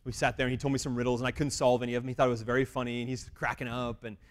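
A man telling a faith testimony as an animated story with self-deprecating humor, swinging between loud exclamations and quiet asides. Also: mid-range voice, racing. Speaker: speaker sharing a mission testimony. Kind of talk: storytelling talk.

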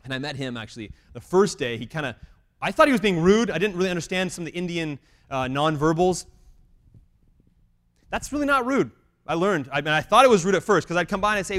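Man, somewhat high voice, lively storytelling, loud bursts and hushed asides, self-mocking humor, faith testimony. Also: a little fast. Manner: animated, swinging between loud exclamations and quiet asides. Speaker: speaker sharing a mission testimony. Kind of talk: storytelling talk.

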